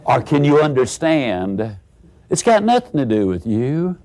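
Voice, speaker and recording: A male motivational speaker tells everyday stories and throws rhetorical questions at his listeners. His voice sits at a middle pitch but swoops widely as he acts out each scene. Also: unhurried. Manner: animated storyteller who acts out characters. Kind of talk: motivational storytelling speech.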